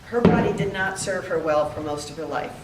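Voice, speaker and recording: An older woman giving a heartfelt memorial tribute, telling stories with pauses. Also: low-pitched, heavy background noise. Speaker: eulogy speaker. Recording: echoey room, heard from a distance.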